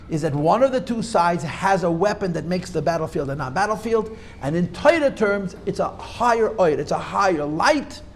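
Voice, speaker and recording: Emphatic rabbi, lively high voice. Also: male voice, slight background noise. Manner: emphatic, argues back and forth with students; repeats key points for emphasis. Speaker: rabbi teaching a class. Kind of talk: Torah class lecture.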